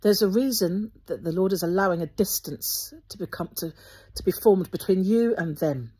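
Woman host, low-pitched and breathy, speaks earnestly and gently to her viewers. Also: normal speed. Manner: earnest and gently instructive, with frequent restarts. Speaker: Christian video host. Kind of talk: spoken encouragement to viewers.

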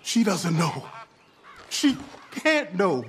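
A man's voice: high voice, big pitch swings, very slow, slight background noise, full character voice. A desperate rural father. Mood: grieving. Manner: pleading, broken. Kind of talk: video game cutscene acting. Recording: game audio under loud music.

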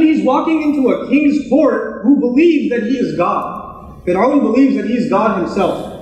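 A man's voice: very high-pitched, a little mellow. A man giving a Friday sermon in a mosque, telling a story conversationally and acting out quotes. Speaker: preacher. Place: mosque prayer hall. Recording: echoey hall, mic at distance.

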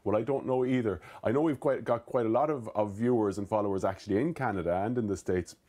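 Chatting through viewers' queries on a relaxed live gardening question show, this Cork man with an Irish accent talks fast in a lowish, mellow voice. He's self-correcting, frequently restarting sentences and leaning on fillers.

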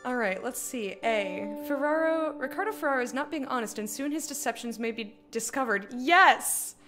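A young woman streaming a game, chatting casually and reading game text aloud between jokes. Her voice sits a bit high for a woman, with soft music behind her. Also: a little fast. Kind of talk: casual live-stream commentary.

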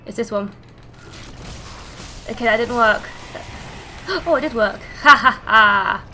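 A young woman giving let's-play commentary, excitable and swearing loudly at the game. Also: fairly high pitch, slow, a little hiss or hum. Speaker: gaming streamer.

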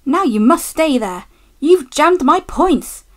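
A woman's voice: on the high side, animated, normal speed, fairly bright tone. Woman doing a fussy, scolding signalman. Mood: annoyed. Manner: scolding, stormy. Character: annoyed, fussy male signalman.

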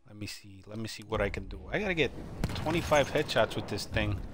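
A man streaming a war shooter, wisecracking and reacting excitedly while he plays. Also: fairly low pitch, fairly quick, over music. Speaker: game streamer. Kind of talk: live gameplay commentary. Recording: game audio loud behind voice. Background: loud gunfire and game sounds.

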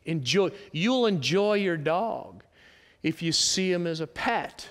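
A male pastor preaching a sermon, animated and emphatic, with sudden rises and drops. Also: high voice, slow. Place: church sanctuary. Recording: long church hall reverb.

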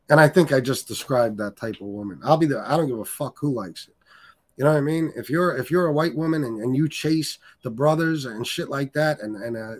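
A middle-aged man hosts a live stream, reading chat comments and trash-talking in a blunt, crude, heated way. His mid-range voice is a little mellow as the casual rant turns profane.

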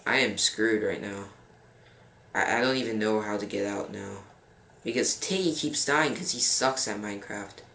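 A young man in his teens giving casual gameplay commentary as a gaming channel host, rambling, filling pauses with um and grumbling at his game. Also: lowish voice, creaky, pushed and bright. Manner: frustrated, rambling, fills pauses with um. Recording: roomy with faint background noise.

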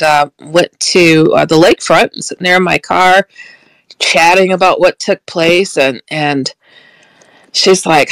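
Woman guest, gravelly fry, dry close sound, animated storyteller who acts out the dialogue. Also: deep voice, dry recording, poor audio. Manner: animated, quotes dialogue, laughs often, frequent restarts. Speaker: guest recounting a paranormal experience. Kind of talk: casual storytelling.

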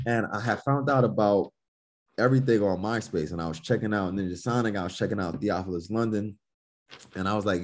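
A man's voice: lowish voice, lively intonation, normal speed, a little mellow. A man telling stories on a podcast in a laid-back, loose way, swearing freely and acting out his own past reactions. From Newark, New Jersey. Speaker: podcast guest, musician. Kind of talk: casual storytelling chat.

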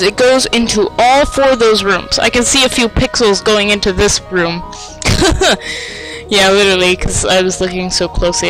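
A man giving let's play commentary, excitable and self-mocking, with sing-song taunts. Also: high-pitched, rough recording. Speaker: gamer.

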